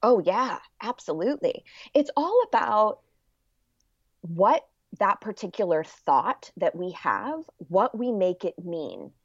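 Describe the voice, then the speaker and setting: A woman's voice: medium pitch, big pitch swings, slow, slightly rough, no room sound. A woman guest in a casual interview, explaining things earnestly and sometimes acting out an inner voice. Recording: dull lo-fi sound.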